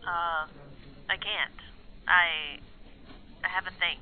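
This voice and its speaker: A woman's voice: on the low side, fairly even intonation, slow pace. A woman playing a blunt young female friend who jokes her way out of plans, heard over a phone line. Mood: dodging wry. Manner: dry, joking and dodging.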